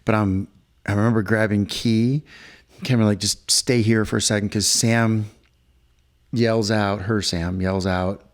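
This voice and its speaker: Middle aged guy, kinda low voice, chatty podcast cohost rambling a story, hotel room. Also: steady tone, unhurried. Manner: rambling storyteller, acts out quotes. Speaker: podcast co-host. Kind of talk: casual chat.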